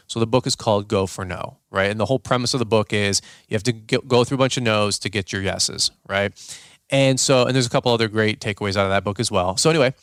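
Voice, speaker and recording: Telling a story casually on his podcast, this host rambles, using lots of fillers and restarts. He has a fairly low yet fairly bright voice, and the clean studio audio has no room sound.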